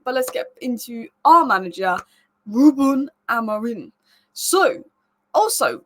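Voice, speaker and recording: A woman's voice: fairly high pitch, fairly bright tone. A young woman hosting a football news show, talking casually and with strong opinions. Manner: chatty, emphatic, opinionated. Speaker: football news channel host.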